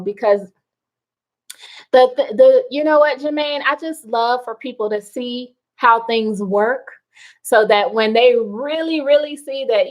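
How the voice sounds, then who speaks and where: Slow, chatty woman hosting a live stream. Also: fairly high pitch, poor audio. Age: adult with children. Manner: chatty, laughs often, slow and relaxed. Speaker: livestream host reading viewer comments. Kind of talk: casual live chat. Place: home, late at night.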